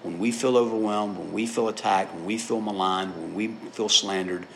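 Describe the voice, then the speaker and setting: A man's voice: on the low side, normal speed, creaky, fairly bright tone, a little hiss or hum. A middle-aged man preaching a sermon in a conversational, storytelling way, often checking in with his listeners. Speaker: pastor.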